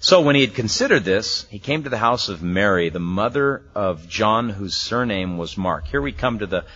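On a muffled, lo-fi sermon recording, a pastor with a fairly low, animated voice and a slightly bright tone works through a Bible passage verse by verse at a moderate pace. He teaches conversationally, chuckling often and acting out the voices of the people in the story.

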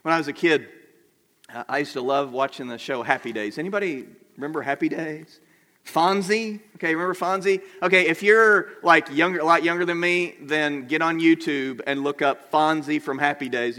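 A man's voice: on the high side, sharp tone. A middle-aged man preaching a sermon to his congregation in a conversational way, asking them questions as he goes. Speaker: pastor. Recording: long reverb of a large hall.

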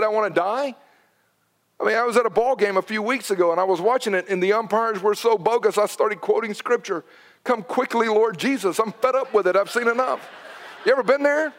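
Animated preacher man, higher voice. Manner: animated, swings from loud to hushed. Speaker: pastor. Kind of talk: sermon. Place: church sanctuary.

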